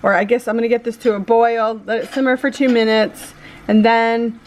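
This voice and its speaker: A woman's voice: on the high side, little pitch movement, moderate pace, a little mellow, a little hiss or hum. A woman talking through her cooking in a home kitchen in a casual, matter-of-fact way. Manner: matter-of-fact, explains as she cooks. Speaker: host's wife, co-host.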